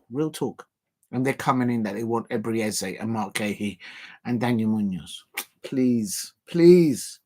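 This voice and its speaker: Husky-voiced man hosting a football watch-along. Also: mid-range voice. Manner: animated, repetitive catchphrases, laughs often. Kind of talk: casual livestream chat.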